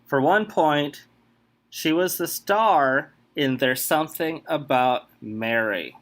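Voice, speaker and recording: A man hosting a casual podcast quiz game, reading out clues and rules in an emphatic, animated way. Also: on the high side, slow.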